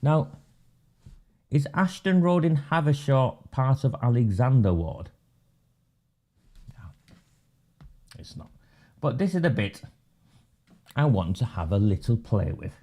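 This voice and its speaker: Brief: animated, sarcastic male webinar host with a mid-range voice. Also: medium pitch, takes it slowly, pauses often. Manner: sarcastic, mocking. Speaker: webinar host and political campaigner. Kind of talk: live webinar commentary.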